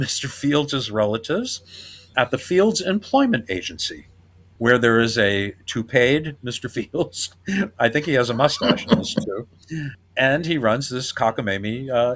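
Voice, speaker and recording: A man hosting a podcast, chatting casually and laughing often as he retells scenes. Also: mid-range voice. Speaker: podcast host. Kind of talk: casual chat.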